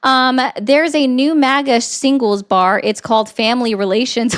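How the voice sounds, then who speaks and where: A woman's voice: on the high side, fairly even intonation, moderate pace. A woman doing blunt, sarcastic political commentary on a livestream, reading and answering viewer comments. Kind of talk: casual live-stream commentary reading chat.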